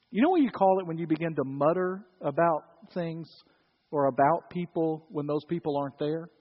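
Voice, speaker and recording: A man's voice: fairly high pitch, normal speed. A male pastor preaching a sermon in a conversational, storytelling way with wry humor. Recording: dull, reverberant church recording.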